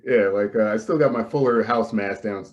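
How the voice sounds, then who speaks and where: A young man hosts a casual comedy podcast from home, talking over a video call. His voice sits a little low, and he rambles through jokes with plenty of "like"s and easy laughter. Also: moderate pace, lo-fi sound. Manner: laughs often, filler-heavy rambling. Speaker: podcast host.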